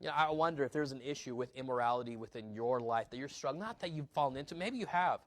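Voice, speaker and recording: A young adult man, a pastor preaching a sermon in a church, earnest, often restarting words and acting out quick asides. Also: mid-range voice, expressive, no echo. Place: church sanctuary.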